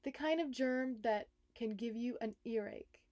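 Slow, expressive woman reading to kids. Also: on the high side, no echo. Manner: slow, expressive, speaks directly to young listeners. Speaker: nurse reading a children's book. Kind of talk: storybook read-aloud for children.

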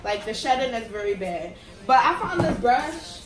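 A woman's voice: a little high, sing-song, normal speed. A young woman giving a casual wig review, blunt and profane, complaining in exasperation. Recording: roomy sound from a distant mic with music behind.

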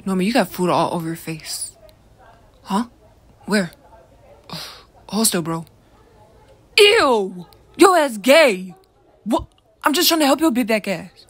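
A woman doing a loud, teasing teen boy. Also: medium pitch, expressive, moderate pace, long pauses, slightly rough. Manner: loud, joking, pushy. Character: brash teasing teenage boy friend. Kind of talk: audio role-play.

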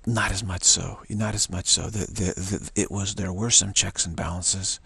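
A man's voice: low voice, fairly even intonation, normal speed, creaky, bright, forceful tone, slightly rough, dry recording. A man giving a spiritual monologue, repeating affirmations over and over and dropping to whispers. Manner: repetitive affirmations, drops to whispers. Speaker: spiritual teacher.

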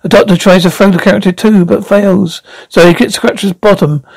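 A man's voice: high-pitched, fairly even intonation, fairly quick, creaky, darkish tone, no echo, rough recording. A man reading stage directions aloud in a plain way, with slips and restarts. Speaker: reader.

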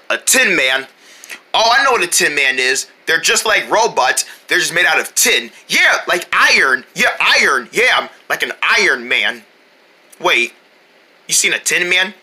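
A man's voice: on the high side, bright, forceful tone, husky. A man voicing several characters in a homemade cartoon, switching between a frantic scared poodle and a grumpy loner.

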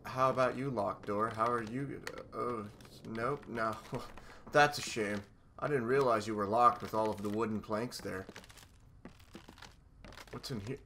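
A man's voice: mid-range voice, measured pace, long pauses, pushed and bright, slight background noise. A man giving sarcastic commentary while playing a horror game, talking to the objects around him. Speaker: let's play gamer.

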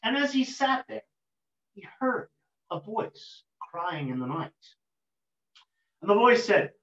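A male storyteller telling an old folk tale in an unhurried, rhythmic way, with a voice slightly higher than most men's. The recording sounds roomy and a bit muffled, with a lo-fi quality. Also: sing-song, a bit bright.

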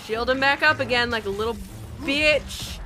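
A woman's voice: high-pitched, moderate pace, music in the background. Profane, frustrated woman streamer. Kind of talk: casual gameplay commentary.

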